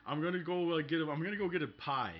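A man's voice: fairly high pitch, fast talker, natural voice. A man voicing a brash male internet-provider guy from the Bronx, swaggering and saying "bro" constantly, in a Bronx accent. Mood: cocky. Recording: dull lo-fi podcast audio.

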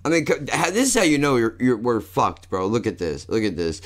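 A man's voice: on the low side, expressive, moderate pace, few pauses. Profane rambling man saying "dude". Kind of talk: casual ranting commentary.

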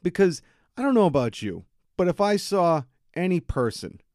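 A man's voice: sits high, sing-song, normal speed, darkish tone, dry recording, clean studio sound. A man with a Boston accent hosting a podcast, telling an angry story in a heated, profane, indignant monologue. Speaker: podcast host.

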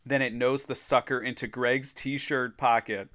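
A man's voice: medium pitch, steady tone, measured pace, fairly bright tone. A man hosting a podcast, reading a children's horror story aloud and breaking off for laughing, swearing asides. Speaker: podcast host.

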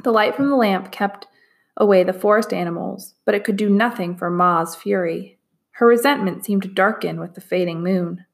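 A woman narrating a chapter book aloud in a measured, expressive reading. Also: mid-range voice, creaky. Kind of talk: storybook read-aloud narration.

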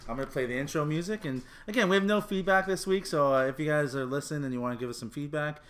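Man, podcast host, slightly high voice, joking, laughs a lot. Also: racing, fairly bright tone. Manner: loose, joking, laughs often. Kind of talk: casual comedic chat.

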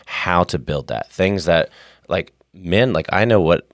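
A man with a deep, low voice co-hosts a casual faith podcast and tells stories with lively energy. He talks into a studio microphone, and the sound is dry and close. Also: unhurried, dry recording. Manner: animated storyteller, acts out voices in quotes. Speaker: podcast co-host.

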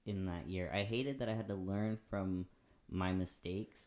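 A man's voice: low-pitched, fairly even intonation, measured pace, a little mellow. A guest on a podcast in casual chat, talking reflectively and earnestly about his own past.

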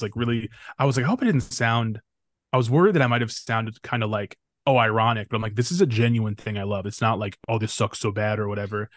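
A man speaking as a podcast guest in casual conversation, relaxed and rambling with frequent restarts. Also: on the low side, dry recording, studio quality. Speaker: podcast guest, film critic.

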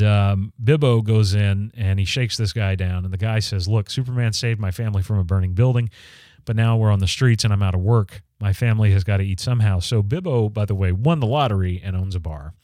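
Male podcast host, slightly low voice, relaxed talky delivery with lots of ums, dry sound. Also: dry recording. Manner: conversational, frequent ums and restarts. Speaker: podcast host reviewing comics. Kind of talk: casual spoken review.

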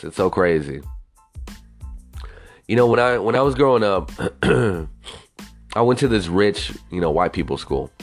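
A young man hosting a podcast, ranting casually with lots of swearing and rambling asides. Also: sits low. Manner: profane, rambling, animated. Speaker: podcast host. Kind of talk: casual solo podcast rant.

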